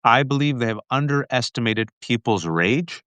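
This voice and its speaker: A man hosting a political talk show, speaking with passion in quick bursts and calling his viewers folks. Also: mid-range voice, animated, fairly bright tone, no echo. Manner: impassioned, fast bursts, addresses viewers as folks. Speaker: podcast host.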